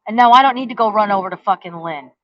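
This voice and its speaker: A woman's voice: medium pitch, fast, no room sound. A woman who rants straight at the camera, cursing hard and throwing out taunting questions. Her voice sits mid-range for a woman, and the sound is dry and a little dull, as from a cheap home mic. She is defiant and never lets up. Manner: profane and confrontational, heavy cursing. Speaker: vlogger. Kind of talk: angry rant to the camera.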